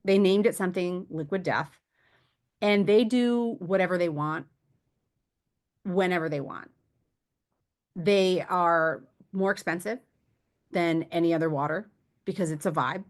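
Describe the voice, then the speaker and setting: A woman co-hosts a marketing podcast in a somewhat low voice. Her delivery is casual, lively and blunt. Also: measured pace, long pauses.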